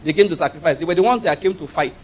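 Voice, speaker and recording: A man's voice: a little high, racing, husky. A man preaching a sermon, firing rhetorical questions at the congregation and repeating key phrases for emphasis.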